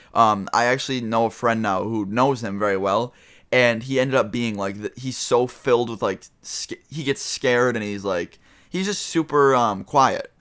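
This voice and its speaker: A man's voice: on the low side, a bit bright, smooth. A young man telling a casual storytime vlog, rambling with lots of fillers and swearing. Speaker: vlogger.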